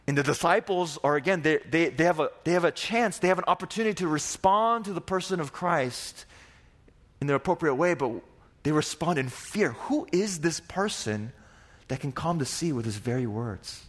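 A young Korean pastor preaches a sermon, telling stories dramatically and acting out the voices of the disciples and Jesus. His fairly high voice is expressive, at a moderate pace.

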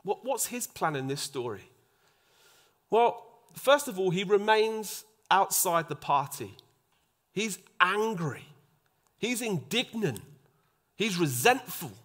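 A man preaching a sermon, acting out the voices in the story and dropping to a soft hush for emphasis. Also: sits high, slow pace, long pauses. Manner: animated, acts out quoted voices, drops to a soft hush for emphasis.

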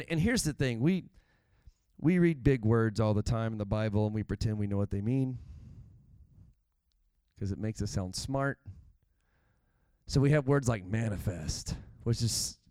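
A man preaching a sermon in a conversational, animated way, with candid asides to the congregation. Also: mid-range voice, smooth, dry recording. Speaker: pastor.

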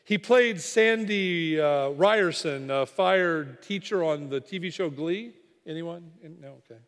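A man's voice: fairly high pitch, a little slow. Preacher man in a big reverberant hall. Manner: dramatic storyteller, dropping to quiet for weight. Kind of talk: sermon storytelling.

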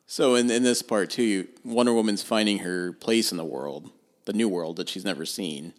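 A man co-hosting a film review podcast, laying out his points in a measured, analytical way and steering the conversation. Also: fairly low pitch. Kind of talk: casual film review chat.

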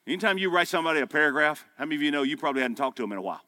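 A man preaches to a room of men in a folksy, emphatic style. His voice is bright and forceful, and it climbs to loud, high peaks before dropping back to close, quiet appeals. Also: animated, very fast. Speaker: pastor. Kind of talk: sermon. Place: men's breakfast gathering hall.

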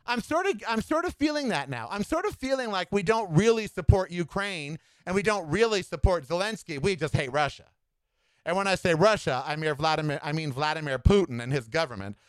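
Man, podcast host, sassy and animated, lively swooping pitch, smooth clear voice, dry close sound. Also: a little fast, no room sound. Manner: animated, sassy, campy asides. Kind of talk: solo political commentary podcast.

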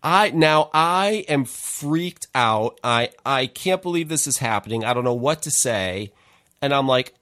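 Animated laughing man telling stories. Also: medium pitch, measured pace. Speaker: podcast host. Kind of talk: casual storytelling chat.

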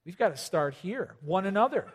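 A man's voice: high-pitched, very animated, moderate pace, husky. A man preaching a sermon in a chatty, joking way, pushing hard for emphasis. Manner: conversational, joking, rising to loud emphasis. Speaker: pastor. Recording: long hall reverb.

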